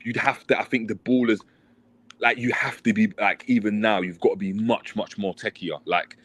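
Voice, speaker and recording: Man, 30s, chatty former player, lowish voice, slangy and animated storyteller. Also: normal speed. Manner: animated storytelling, mimics a shouting coach. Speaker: former footballer, podcast guest. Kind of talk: casual chat.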